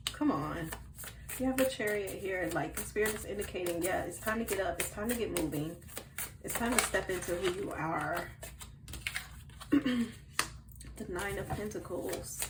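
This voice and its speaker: A woman giving a casual tarot card reading to her viewers in a chatty way, swinging from soft murmurs to loud bursts. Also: mid-range voice, background noise. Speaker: tarot reader.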